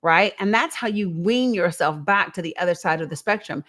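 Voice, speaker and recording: A woman's voice: on the low side, expressive, moderate pace, fairly bright tone. Woman hosting a reflective live show. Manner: conversational, reflective, asks rhetorical questions. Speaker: host of a live call-in show. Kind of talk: encouraging live-stream talk.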